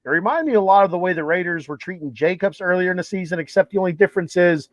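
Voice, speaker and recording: A man's voice: sits high, fast, no room sound. A man co-hosting a casual sports talk show, chatty, with lots of restarts and filler words. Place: home room, with a TV playing a ballgame behind. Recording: dull, dry lo-fi audio.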